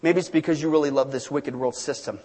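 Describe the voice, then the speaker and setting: A man preaching a sermon as pastor, animated, swinging between sudden shouts and hushed asides, in a church sanctuary. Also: fairly high pitch, fast, husky. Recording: long reverb of a large hall.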